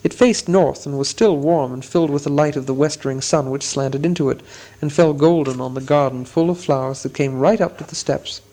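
A man reading a storybook aloud as narrator, steady and descriptive. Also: on the high side, brisk. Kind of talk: audiobook reading.

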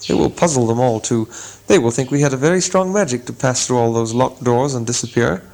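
A man voicing a small male hobbit who talks to himself in a quiet, musing way. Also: medium pitch, brisk, gravelly, natural voice.

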